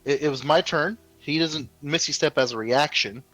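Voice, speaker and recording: A man playing a tabletop role-playing game, stammering through restarts and slipping into his character's gruff anger. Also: fairly high pitch, normal speed, a bit bright, no echo, faint music behind, low-quality recording. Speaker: player.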